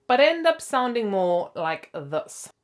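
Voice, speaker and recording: A woman's voice: on the high side, sing-song, takes it slowly, soft background music. A young woman with hiccups hosting a bubbly flute lesson video and laughing at herself, with flute playing between her phrases. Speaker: flute teacher and host.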